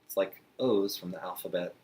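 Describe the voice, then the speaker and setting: A man teaching beginner sign language to parents in a friendly, chatty way, slowing down while he demonstrates signs. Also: low voice. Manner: relaxed, chatty, with frequent fillers and slow demonstrating passages. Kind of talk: friendly instructional talk to parents.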